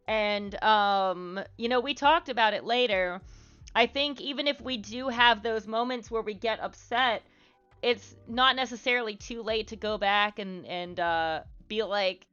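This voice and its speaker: Bright, forceful, and clean, this mid-range female voice belongs to a livestream host handing out social advice. Her talk is loose and candid, full of "like" and "um," with casual cursing. The recording has a slightly muffled stream quality and faint background music.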